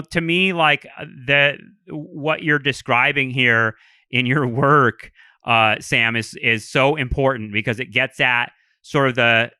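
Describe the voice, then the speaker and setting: Male podcast host, chatty and halting; bright, crisp timbre. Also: mid-range voice, dry recording, studio quality. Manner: animated storytelling, frequent restarts and "like"s. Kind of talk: casual podcast conversation.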